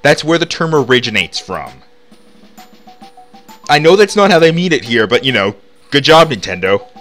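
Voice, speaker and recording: A man talks through a video game in loose, rambling commentary full of fillers. His voice swings up and down a lot and has a bright edge. Game music plays faintly underneath. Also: mid-range voice, sing-song, moderate pace. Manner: rambling, chatty, lots of "like" fillers. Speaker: let's play host. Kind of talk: casual gameplay commentary.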